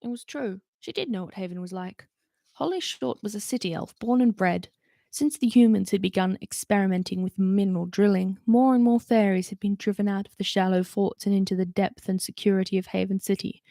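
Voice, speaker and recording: A woman reads a novel aloud at a middle pitch and adds chatty asides between the passages. The sound is close and dry. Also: brisk, creaky, mellow, no echo. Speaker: reader. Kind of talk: reading a novel aloud with character voices.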